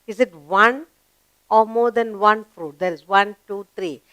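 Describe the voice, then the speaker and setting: A woman with an Indian English accent teaching a children's grammar lesson, asking questions, answering them herself and praising in a drawn-out, sing-song way. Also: mid-range voice, pushed and bright, no room sound.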